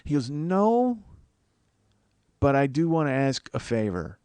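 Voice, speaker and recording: In a medium-pitched, darkish and expressive voice, fairly quick and without echo, a podcast host in his 40s rambles through a comic story at his own expense. Swearing runs throughout, and his voice rises when he acts out his panic.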